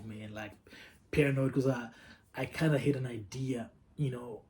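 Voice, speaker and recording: A man's voice: mid-range voice, moderate pace, a little mellow. Candid man telling a story with lots of swearing. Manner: candid, profane, repeats himself. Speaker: vlogger. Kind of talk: casual storytelling.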